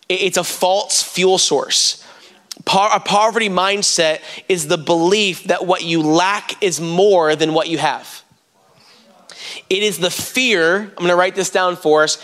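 Man preacher, bright and forceful, fairly high voice, storytelling sermon to the congregation. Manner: storytelling, addresses the congregation directly.

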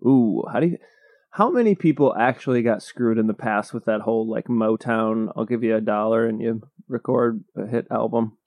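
A man co-hosting a podcast in casual comedic chat, rambling and joking with lots of fillers, in a small dark room. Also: medium pitch, moderate pace, dry recording. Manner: jokey, rambling, with frequent laughs and fillers. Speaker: podcast co-host.

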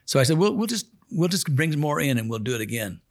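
A man's voice: fairly high pitch, very animated, fast talker. A man, a chaplain, telling a story from the pulpit in an earnest, folksy way, acting out the dialogue. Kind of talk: storytelling sermon.

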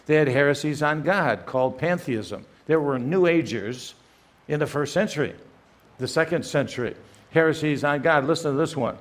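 An older man giving a firm, emphatic lecture as a guest speaker, often pausing with "uh" between phrases. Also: fairly high pitch, expressive. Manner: emphatic, many "uh" fillers, reads quotations aloud. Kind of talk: apologetics lecture.

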